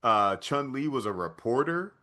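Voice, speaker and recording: A man co-hosting a podcast with a relaxed, mid-range voice, telling a story with a lot of energy. He jumps between narration and acted-out quotes, laughing as he goes along. The whole thing comes across as casual, easy chat between friends. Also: medium pitch, normal speed. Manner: animated storytelling, acts out movie lines in put-on voices. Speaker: podcast co-host.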